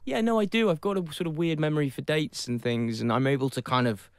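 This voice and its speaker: A man's voice: on the high side, fast, clean tone, no room sound, clean studio sound. Welsh man, reflective and self-deprecating. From Wales. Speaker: actor guest. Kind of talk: casual interview chat.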